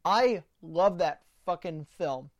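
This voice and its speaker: A woman hosts a political podcast, ranting through opinionated commentary and often stumbling over repeated words at the start of sentences. She mocks opponents with sarcastic put-on quotes, speaking slowly in a lowish voice with lively intonation.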